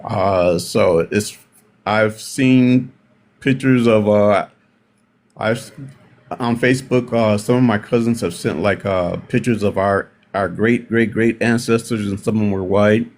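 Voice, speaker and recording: Low-voiced middle-aged man, reflective. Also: a little mellow. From Milwaukee, United States. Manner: unhurried, reflective, often pausing to restart sentences. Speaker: panel participant. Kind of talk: personal storytelling in a panel discussion.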